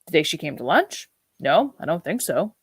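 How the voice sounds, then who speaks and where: Impatient posh husband, woman reading it, clipped and cross, low-ish voice, dry sound. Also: very animated, moderate pace, husky, no room sound, full character voice. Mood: offhand. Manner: clipped, exasperated. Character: brusque upper-class English husband, impatient.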